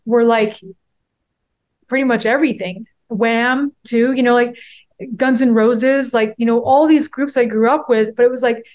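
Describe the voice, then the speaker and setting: A woman's voice: a little high, fairly even intonation, normal speed, darkish tone. A woman in her forties, a podcast guest, telling a personal story in a heartfelt, rambling way with many fillers. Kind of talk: candid interview storytelling.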